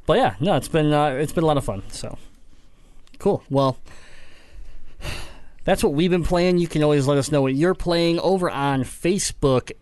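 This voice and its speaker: A male podcast host with a smooth, resonant voice, chatting casually about games. He rambles comfortably, full of fillers and restarts. The recording is dry and close, with no room sound. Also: fairly high pitch, moderate pace, pauses often, no room sound. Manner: relaxed, rambling, with many fillers.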